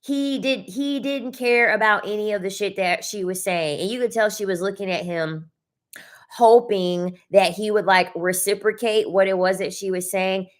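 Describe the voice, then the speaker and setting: A woman's voice: medium pitch, moderate pace. A young adult woman hosting a casual livestream, talking bluntly with swearing and repeating her points for emphasis. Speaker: livestream host reading chat.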